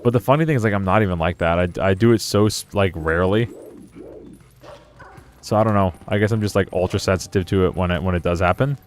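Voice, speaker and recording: With a deep voice and a quick pace, this young man chats loosely as he plays a video game, against a little hiss or hum. A gaming streamer, he wanders through stories and laughs frequently during his let's play commentary.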